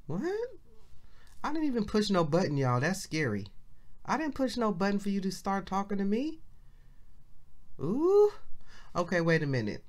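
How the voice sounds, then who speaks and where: A woman's voice: mid-range voice, wildly swooping pitch, a little mellow. Chatty woman minister teaching scripture. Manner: chatty and colloquial, reads scripture slowly and repeats key phrases. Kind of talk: casual devotional Bible teaching.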